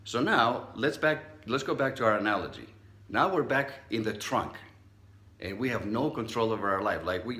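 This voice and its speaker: A man's voice: lowish voice, bright, forceful tone, roomy sound. A middle-aged man, a psychologist, giving a motivational talk and telling a personal story, acting out the voices he quotes. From Southern California. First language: not English.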